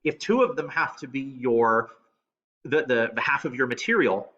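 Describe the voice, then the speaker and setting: A man teaching in a casual screen-recorded lesson, with a bright, forceful edge to his voice. He keeps breaking off with ums and restarts. The sound is dull and lo-fi, like a cheap recording. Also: mid-range voice, expressive, normal speed.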